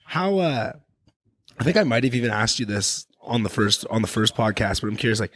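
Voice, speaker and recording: A man hosting a podcast, talking in a loose, rambling, animated way and swearing freely. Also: fairly low pitch, fairly quick, husky, dry recording, clean studio sound. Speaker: podcast host. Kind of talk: casual podcast chat.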